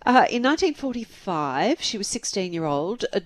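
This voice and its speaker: A woman's voice: medium pitch, very animated, moderate pace, slight background noise. Chatty woman telling a true crime story. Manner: chatty storyteller, laughs often. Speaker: podcast co-host. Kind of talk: casual true crime chat.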